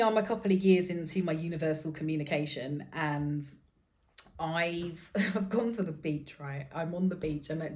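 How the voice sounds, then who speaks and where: A woman in her thirties with a low-sitting voice hosts a podcast, telling a story in a casual monologue. She's animated, laughs easily, and swears freely.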